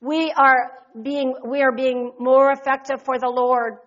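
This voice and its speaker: A woman's voice: high voice, level tone, measured pace, fairly bright tone, muffled recording. A woman preaching a fervent sermon, leading the congregation in call-and-response and repeated thanks.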